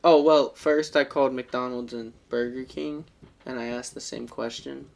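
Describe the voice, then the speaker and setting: A man's voice: mid-range voice, moderate pace, creaky. A man on a casual podcast, animatedly telling stories and putting on voices. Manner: animated storyteller, puts on voices for prank calls. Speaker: podcast co-host. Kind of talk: casual storytelling chat. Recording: noisy lo-fi home recording.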